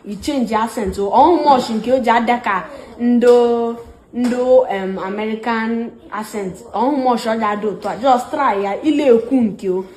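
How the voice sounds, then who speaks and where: A woman's voice: on the high side, moderate pace, darkish tone. Earnest Igbo-accented young woman, echoey. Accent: Nigerian Igbo. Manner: earnest persuading, switches between Igbo and English. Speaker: student.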